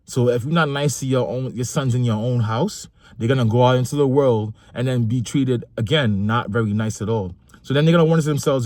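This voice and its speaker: A man's voice: medium pitch, brisk, a little mellow, dry recording. A young adult man, delivering a passionate opinion monologue about fatherhood and repeating phrases for emphasis. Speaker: vlogger and father.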